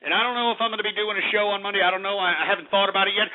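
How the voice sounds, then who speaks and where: A man hosting a talk radio show, delivering an exasperated, swearing rant with frequent shouting. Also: high-pitched, steady tone, rapid-fire. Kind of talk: angry on-air rant. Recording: narrow phone-like radio audio.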